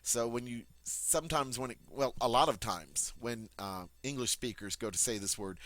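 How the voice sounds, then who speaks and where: A man teaching French pronunciation, repeating each word slowly and clearly before explaining it. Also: medium pitch, a bit bright, no echo. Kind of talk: pronunciation lesson.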